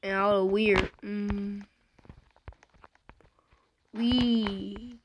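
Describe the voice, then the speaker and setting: A woman playing an online game, slightly hoarse from being sick, excitedly calling out what happens on screen. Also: mid-range voice, slow, noisy background. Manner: excitable, shouting out reactions to the game. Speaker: gamer.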